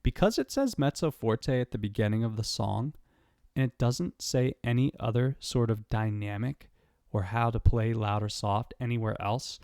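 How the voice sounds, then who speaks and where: A man's voice: mid-range voice, normal speed, darkish tone, dry recording, studio quality. A man teaching a step-by-step piano lesson, patiently counting and naming notes aloud as he plays. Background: piano playing.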